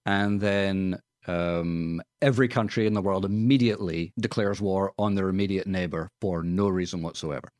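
A man's voice: deep voice, normal speed, few pauses, darkish tone, dry recording. A man reviewing films on a radio show, chatty and wry, retelling plots with dry humor. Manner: wry, chatty, puts on silly voices in retellings. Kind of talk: casual radio chat. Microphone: studio microphone.

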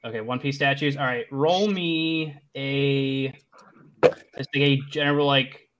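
A man's voice: medium pitch, steady tone, a little slow, background noise. A man narrating a tabletop game as game master, rambling with many restarts.

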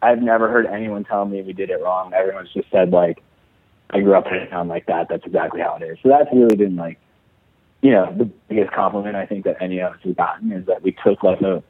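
A man's voice: sits low, steady tone, quick pace, slightly rough, no echo. A man from Chicago, an actor being interviewed, talking casually and rambling with lots of fillers and restarts. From Chicago, USA. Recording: dry, tinny phone-like audio.

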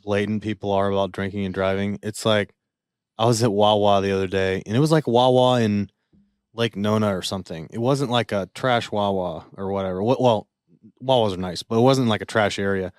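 A man with a low voice talks in a loose, rambling way, full of likes and trailing asides. He co-hosts a podcast. The recording is dry and close, with no room echo. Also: steady tone, a little fast, a little mellow, smooth. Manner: rambling, filler-heavy storytelling. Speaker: podcast co-host. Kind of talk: casual chat.

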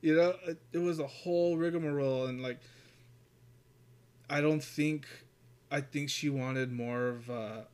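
A man's voice: a little high, steady tone, measured pace, pauses often, a little mellow, smooth. A man hosting a casual podcast chat, rambling through stories with lots of fillers and swearing. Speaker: podcast host.

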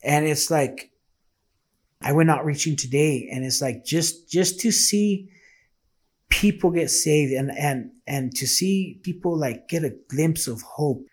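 Earnest man with a higher voice. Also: slow pace, slightly rough. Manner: earnest, emotional, acts out quoted dialogue. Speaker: man sharing his faith testimony. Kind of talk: casual spoken testimony.

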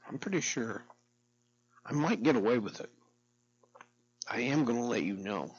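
A man's voice: mid-range voice, vocal fry, a bit bright, breathy edge, muffled recording. A middle-aged man vlogging in a rambling, profane, darkly joking monologue to camera.

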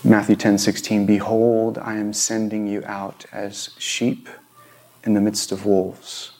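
A male pastor giving a sermon in a church, telling stories in a conversational way, with loud emphatic bursts and hushed whispered pleas. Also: fairly low pitch, completely flat delivery, slow. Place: church sanctuary.

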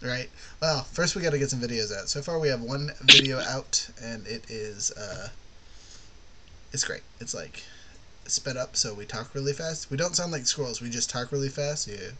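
A man's voice: medium pitch, moderate pace, background noise. A man hosting a casual podcast lesson on worldbuilding, rambling and often asking "you know what I mean". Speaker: podcast host teaching worldbuilding.

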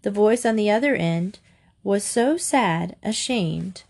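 Woman narrator reading a kids' book aloud; lively and expressive. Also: mid-range voice, takes it slowly. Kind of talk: children's storybook reading aloud.

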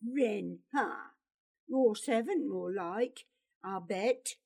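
A woman's voice: high-pitched, big pitch swings, takes it slowly, mellow, breathy edge, exaggerated voice. A woman voicing an angry, distrustful boy who sneers and accuses. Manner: scornful, sneering.

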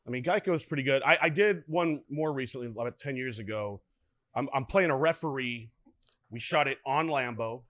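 A middle-aged man, a guest actor, telling lively anecdotes in casual podcast chat, often acting out what people said. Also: mid-range voice, fairly quick, no echo. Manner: animated, lively anecdotes with frequent restarts and acted-out quotes.

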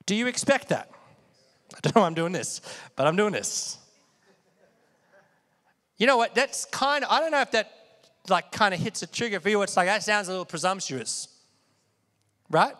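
A man preaching with a fairly high voice, his words ringing with long reverb from a large hall. He talks casually and keeps asking the congregation questions. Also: expressive, moderate pace, long pauses, pushed and bright. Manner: conversational, asks the audience questions often. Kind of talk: sermon.

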